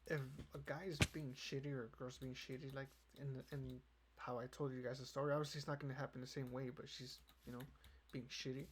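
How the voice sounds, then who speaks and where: A man's voice: medium pitch, little pitch movement, a little fast, hardly any pauses. A young man hosting a casual podcast, rambling and swearing, with "you know" in nearly every line. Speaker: podcast host. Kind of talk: casual chat. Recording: keyboard clicks and noise behind.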